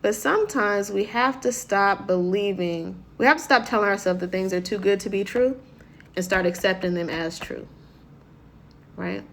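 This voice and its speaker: A woman's voice: medium pitch, normal speed, fairly bright tone. Woman speaker, conversational motivational talk, mid-range voice, keeps checking in with listeners. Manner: conversational, keeps asking "right?"; acts out quoted voices.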